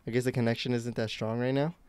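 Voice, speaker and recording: A man's voice: medium pitch, little pitch movement, fast, darkish tone, clean tone, no echo. A young man from the United States chatting casually while live-streaming games, rambling and self-mocking. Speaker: game streamer.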